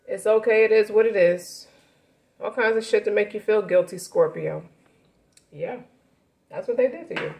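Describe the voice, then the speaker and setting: A woman giving a casual tarot reading to her viewers, brash and profane, swinging from loud hype down to low muttering. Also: animated, normal speed. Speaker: tarot reader.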